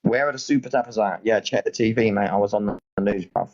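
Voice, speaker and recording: On a casual livestream, a British man chats in a pleading, exasperated way, repeating himself. He talks fast in a fairly low, slightly mellow voice, and the lo-fi audio carries a bit of background noise.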